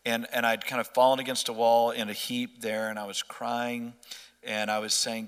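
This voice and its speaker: A man's voice: mid-range voice, fairly even intonation, normal speed, a bit bright, big-room sound. A middle-aged man earnestly telling a personal faith story in conversation, often restarting his sentences. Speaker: interview guest.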